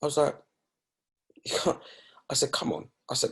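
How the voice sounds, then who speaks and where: A man's voice: a little high, normal speed, gravelly, pauses often, fairly bright tone, slightly rough. A young man, a guest in a casual chat, telling stories in an emphatic, indignant way.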